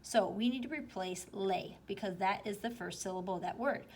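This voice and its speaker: A woman teacher slowly and patiently walking students through a spelling worksheet, step by step. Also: mid-range voice, a little mellow, breathy edge. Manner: slow, patient, explaining step by step. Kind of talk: spelling lesson walkthrough.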